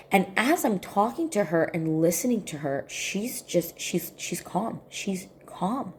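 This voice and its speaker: A woman telling a personal story to camera in an earnest, soft-spoken way, often repeating her points. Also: mid-range voice, expressive, unhurried, hardly any pauses, a little hiss or hum. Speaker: healing coach.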